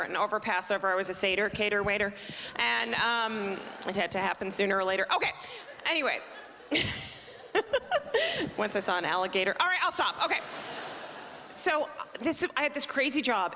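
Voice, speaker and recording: A woman's voice: medium pitch, bright, forceful tone. A woman from Canada performing a stand-up comedy set, chatty and self-mocking, with playful asides to the audience. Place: comedy club stage. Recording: live stage with long reverb, faint noise.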